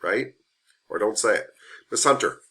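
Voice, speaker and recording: A man's voice: lowish voice, lively intonation, normal speed, fairly bright tone. A man teaching a massage therapy class in a classroom, speaking frankly and conversationally and repeating his key points. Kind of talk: classroom lecture.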